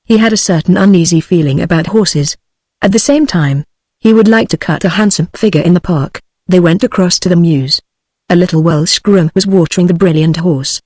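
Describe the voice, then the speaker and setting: British woman, synthetic audiobook narrator, even measured reading, dry close sound. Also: on the low side, dry recording. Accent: British English.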